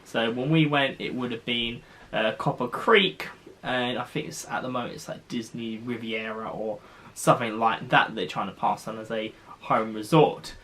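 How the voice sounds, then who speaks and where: A man's voice: mid-range voice, fairly even intonation, normal speed, a bit bright. A man from the UK vlogging, explaining costs in a chatty, rambling way with restarts. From United Kingdom. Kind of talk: casual explainer to camera.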